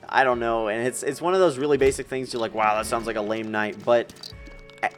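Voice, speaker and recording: A man's voice: medium pitch, steady tone, a little fast, faint music behind. An eighteen-year-old man telling a long personal story in a rambling, emotional way, with filler words and restarts. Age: young adult. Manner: rambling, emotional, tearing up with nervous laughs. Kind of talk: casual storytelling while gaming.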